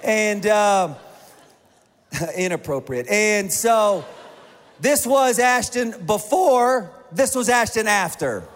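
In a large church auditorium, a pastor preaches to his congregation, talking conversationally and joking with them. His high voice is animated, slow and fairly bright, and the recording carries the reverberant hall along with the congregation and music.

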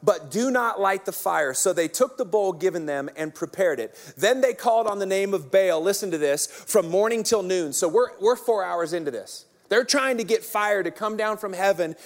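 A man in his thirties, a pastor preaching a sermon as an energetic, joking storyteller. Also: high voice, moderate pace, hardly any pauses.

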